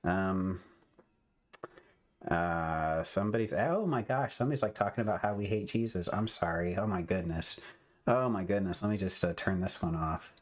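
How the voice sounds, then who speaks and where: A man's voice: low-pitched, moderate pace. A man hosting a casual livestream chat, rambling loosely and laughing often. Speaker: host.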